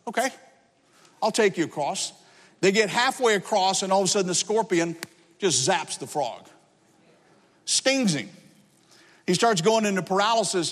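Male pastor, high voice, emphatic sermon delivery, reverberant hall. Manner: earnest, emphatic, repeats phrases.

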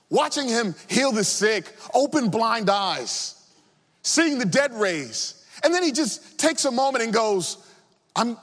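Impassioned preacher with swooping high voice. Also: male voice, a bit bright, in a large hall. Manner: impassioned preaching with swooping pitch, drops low for emphasis. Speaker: pastor. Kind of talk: sermon.

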